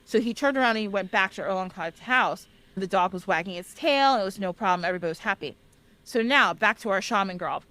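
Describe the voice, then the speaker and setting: A woman podcast host retelling a legend in a casual, animated way, often laughing and talking straight to listeners. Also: mid-range voice, fast talker, no echo. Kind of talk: casual storytelling.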